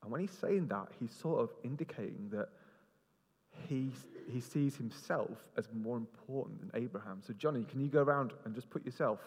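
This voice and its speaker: The recording, made in a large hall, has a long reverb. In it, a man with a medium-pitched, slightly rough voice talks at normal speed, preaching an interactive sermon and cheerfully joking with volunteers as he directs them around the stage.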